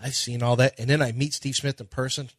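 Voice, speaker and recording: Male sports talk radio host, chatty and animated, dry close studio mic. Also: mid-range voice, fairly quick, dry recording. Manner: animated storytelling, quotes others in conversation. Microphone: studio microphone.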